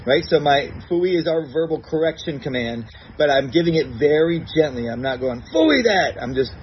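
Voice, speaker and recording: A fairly high-voiced man walks through a dog training routine step by step, calm and patient. He acts out his commands in a bright, praising tone. The recording is a little dull, with a faint hiss behind him. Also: a little fast. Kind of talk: recorded instructional segment.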